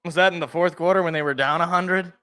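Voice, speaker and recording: A man's voice: high voice, fairly even intonation, fast talker, pushed and bright, clear, resonant tone. A young man hosting a live reaction stream, chatting casually and thinking aloud as he reacts, chuckling to himself now and then.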